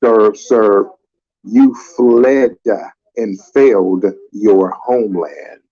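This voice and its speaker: A man's voice: fairly low pitch, extremely slow, mellow, highs cut off. A man hosting a live debate, curt and dismissive, addressing his opponent as "sir". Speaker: live stream host.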